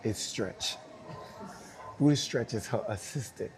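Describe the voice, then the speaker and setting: Man acting out a lively story. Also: lowish voice, a little slow. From New York. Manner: animated, acts out dialogue, laughs often. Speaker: dancer telling his story. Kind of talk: casual storytelling interview.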